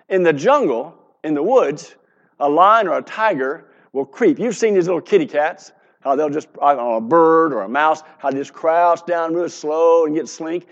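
A man's voice: a little high, dull audio. A man in his seventies preaching a sermon in an earnest, conversational way, asking the congregation questions.

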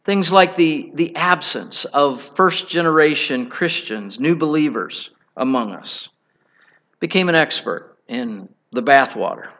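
A middle-aged man preaching a sermon, telling a personal story in an earnest, halting way with many restarts. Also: a little high, expressive, fairly bright tone.

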